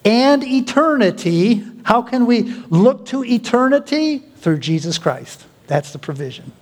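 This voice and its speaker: A male pastor preaching a sermon, with deliberate pauses and an emphatic delivery. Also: very high-pitched, big pitch swings. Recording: long hall reverb.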